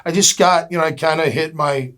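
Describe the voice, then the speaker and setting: A man's voice: a little high, brisk, a bit bright. A man in his fifties from Florida, telling stories as a guest in a casual interview, chatty and full of fillers, acting out the dialogue he recalls. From Jacksonville, Florida. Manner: chatty, acts out quoted dialogue, many "you know" fillers. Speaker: guest, former pro football player.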